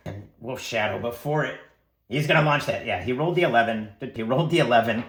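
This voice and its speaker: A man narrating his own solo tabletop role-playing game as game master, in a rambling, chatty way, excitable at dice rolls. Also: medium pitch, a little fast. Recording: echoey room.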